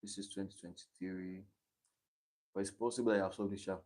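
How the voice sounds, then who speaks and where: Teen Nigerian guy, low mellow voice, livestream study session, thinks aloud. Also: steady tone, fairly quick. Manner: thinks aloud, reading quiz options aloud and chatting between them. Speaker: exam candidate streaming his study session. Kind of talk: casual livestream tutoring.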